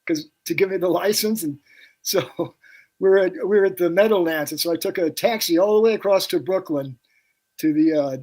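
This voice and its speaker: As a guest on a podcast, this older pyrotechnics technician tells meandering stories in a casual way, acting out the characters in them with different voices. He speaks at a moderate pace in a high, darkish voice.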